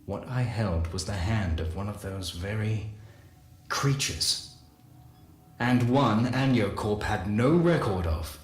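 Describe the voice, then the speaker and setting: A man giving a dramatic first-person lore reading, measured and solemn, with slow deliberate pauses. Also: lowish voice, lively intonation, faint music behind. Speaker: lore narrator. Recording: roomy echo with faint hiss.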